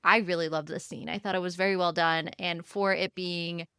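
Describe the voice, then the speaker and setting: Woman podcast co-host, lively book-chat retelling, bright crisp voice, pitched a bit low. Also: moderate pace, no echo, clean studio sound. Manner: animated retelling with acted-out character lines. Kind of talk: casual book discussion.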